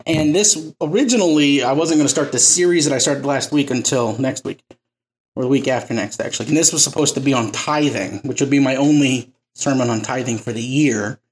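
A man's voice: mid-range voice, fairly quick. A man preaching an informal sermon as a pastor, talking loosely and conversationally and working jokes into his teaching.

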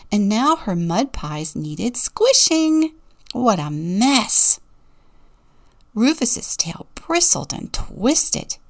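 A woman deacon gently reading a children's story aloud and asking the listener questions. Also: medium pitch.

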